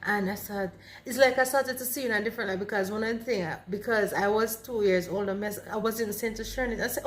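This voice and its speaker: A woman's voice: mid-range voice, quick pace, few pauses. A Jamaican woman in her forties is chatting casually on a vlog. She tells her story with energy and brings its scenes to life. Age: 40s. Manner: animated, reenacts dialogue vividly. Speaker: vlog co-host.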